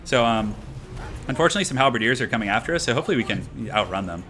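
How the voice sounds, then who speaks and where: A young man giving loose, slangy live-stream commentary over a strategy battle, his voice bright and forceful, a little tired and out of breath. Faint game music plays under him. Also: mid-range voice, rapid-fire. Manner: excitable, chatty, slangy.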